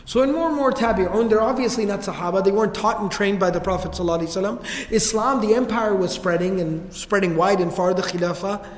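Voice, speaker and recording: High-voiced man lecturing in an echoey hall. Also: quick pace. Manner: casual, slangy, joking storyteller. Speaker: religious lecturer. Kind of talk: informal religious history lecture. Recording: echoey hall with long reverb.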